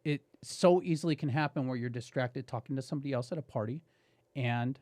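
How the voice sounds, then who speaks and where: A man guest on a podcast, telling a story in a casual, animated way, swearing and saying "dude" often. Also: medium pitch, brisk, no echo.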